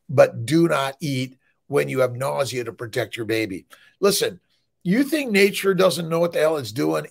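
With a creaky, mid-range voice, a middle-aged male fertility doctor hosts a morning livestream, giving an energetic motivational monologue. He's emphatic and rambling, with blunt, profane asides and repeated "listen" and "right?".

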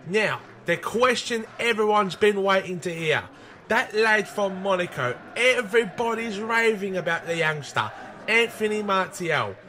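A man playing a sports reporter who interviews a football manager with brisk, chummy questions. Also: high voice, animated, pushed and bright, a little hiss or hum, full character voice.

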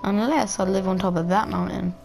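A woman's voice: mid-range voice, fairly even intonation, a little fast, gravelly, music in the background. A young woman giving rambling, giggly let's-play commentary, cracking crude jokes and talking to herself. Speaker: gameplay commentator.

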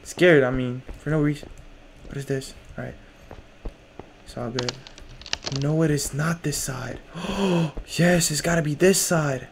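Young man, fairly high voice, slow unhurried delivery, nervous, slangy gamer talk, faint background noise. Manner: jumpy, nervous, talks to himself; casual slang, lots of "bro". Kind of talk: horror game let's play.

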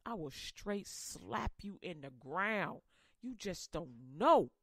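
A woman's voice: medium pitch, lively intonation, takes it slowly, husky, dry recording, studio quality, voice pushed down, heavily acted. A woman doing a stern fatherly God. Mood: threatening. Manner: firm, scolding, streetwise. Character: stern but loving fatherly male God.

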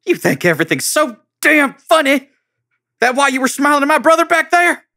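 A man's voice: very high-pitched, sing-song, normal speed, vocal fry, pushed and bright, pitched above the performer's own voice, full character voice. A man voicing an enraged, violent middle-aged father who screams in fury. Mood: furious shouting. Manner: screaming, furious.

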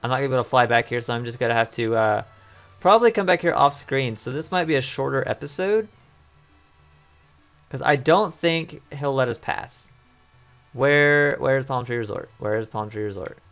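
A man hosting a let's play, rambling and thinking aloud over his gameplay while his voice is going hoarse. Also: mid-range voice, lively intonation, moderate pace, long pauses, fairly bright tone, soft background music. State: losing his voice. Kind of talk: casual gameplay commentary.

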